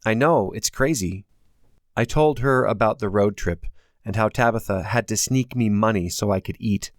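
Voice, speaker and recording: A man's voice: lowish voice, moderate pace, no echo, clean studio sound. A man reading his own novel aloud as a first-person audiobook, in a plain, earnest storytelling manner.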